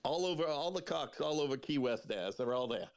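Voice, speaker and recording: A man's voice: medium pitch, lively intonation, fairly quick. A man in a casual livestream chat, telling a bawdy story and chuckling along.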